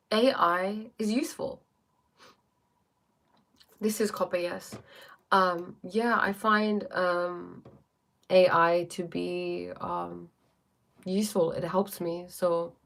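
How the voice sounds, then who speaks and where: Fast-talking woman life coach chatting live. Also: fairly low pitch, gravelly, bright, forceful tone. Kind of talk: casual livestream chat answering viewer comments.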